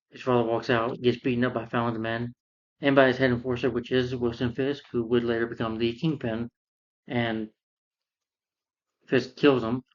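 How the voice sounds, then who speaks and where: A man's voice: mid-range voice, highs cut off. A man retelling a film's plot in a casual, rambling way, full of fillers and restarts. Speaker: film reviewer.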